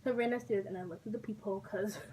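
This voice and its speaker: A woman from Texas telling a storytime vlog, chatty and animated, and often laughing. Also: mid-range voice, rapid-fire. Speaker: vlogger. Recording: distant mic with faint background noise.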